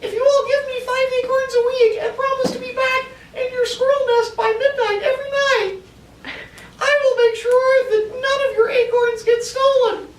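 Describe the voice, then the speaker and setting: A frantic little squirrel squeals in a piercing falsetto. It is small, excitable and easily alarmed. The sound carries from across an echoey, noisy classroom. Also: male voice, moderate pace. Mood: bossy. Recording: echoey classroom, mic far off.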